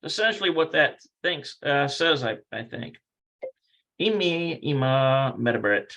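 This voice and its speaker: Man, casual online language teacher, higher-pitched and lively, thinks aloud and self-corrects. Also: unhurried, dull audio. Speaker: Hebrew teacher. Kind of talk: casual livestreamed language lesson.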